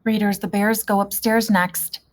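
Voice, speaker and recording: A woman teacher talks young readers through a picture book, pausing to ask questions. She speaks slowly and patiently, with an unhurried, middle-pitched voice. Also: fairly even intonation, background noise. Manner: slow, gentle questioning of young listeners. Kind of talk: reading lesson for young children.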